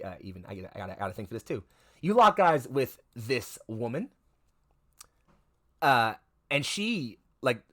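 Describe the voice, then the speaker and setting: A man's voice: fairly low pitch, fairly bright tone, dry recording. Man, game master, rambling narration, filler-heavy, dry recording. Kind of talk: narrating a tabletop game stream.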